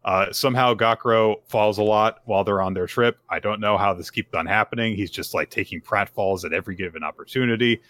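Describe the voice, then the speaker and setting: A man's voice: on the low side, brisk, few pauses, no room sound. A man co-hosting a podcast, casually recapping a manga chapter and acting out the characters' lines. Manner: animated retelling with acted-out quotes. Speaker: podcast co-host.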